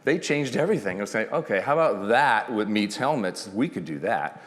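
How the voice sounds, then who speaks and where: A man, a company founder, telling his story at a summit in an animated, joking way, acting out quotes and laughing often. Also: fairly low pitch, brisk, long reverb tail. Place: conference stage with long reverb.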